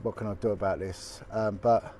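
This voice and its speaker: A man's voice: fairly low pitch, fairly even intonation, moderate pace, mellow. Former detective vlogger, man, colloquial and indignant; a little background noise. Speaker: former detective turned video blogger. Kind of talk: impassioned direct-to-camera update.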